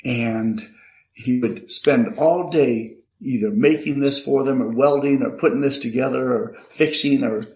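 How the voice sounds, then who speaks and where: An older man, a podcast guest, earnestly telling a personal story about his father, halting often with repeated restarts. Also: mid-range voice, darkish tone. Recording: echoey room. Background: card shuffling.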